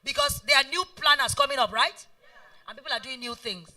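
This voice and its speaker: A high, very bright woman's voice with a Nigerian accent, delivering a motivational talk. She is middle-aged and emphatic, leaning on repeated phrases, and she rises and falls widely in pitch. She is heard from some distance from the mic. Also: very animated, a little fast. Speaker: event planner and guest speaker. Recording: voice heard from far off.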